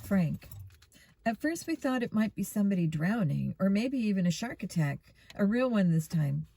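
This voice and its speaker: A woman reading a children's mystery book aloud in a steady storytelling manner. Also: mid-range voice, moderate pace, creaky, slightly rough, no echo. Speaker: reader.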